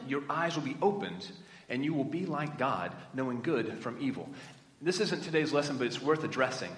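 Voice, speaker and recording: A man's voice: a little high, a bit bright. A man, a youth minister, preaching a conversational sermon and putting questions to his audience. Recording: echoey hall with long reverb.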